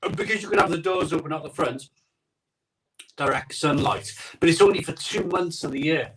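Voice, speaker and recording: A rambling, chatty man with a voice that sits a little high for a man. He hosts a casual live stream from his home conservatory and talks into a phone mic. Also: normal speed, fairly bright tone, recorded from a distance, rough recording. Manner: rambling, chatty, reads out viewer comments. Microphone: iPhone microphone.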